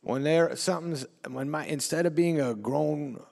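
A middle-aged man talking casually as an interview guest, laid-back, laughing often, repeating words and slipping into quick impressions. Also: on the high side, vocal fry, a little mellow, big-room sound. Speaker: actor and comedian guest.

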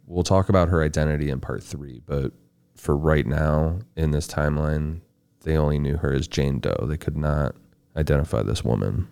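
A man hosting a podcast, narrating true crime case details in a measured, matter-of-fact way. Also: extremely low pitch, creaky, darkish tone, clean tone, no echo. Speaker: podcast host.

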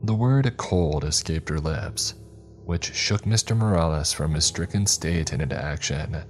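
A man narrating a first-person horror story in a calm storytelling voice with dry asides. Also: extremely low pitch, unhurried, faint music behind. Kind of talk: scripted narration.

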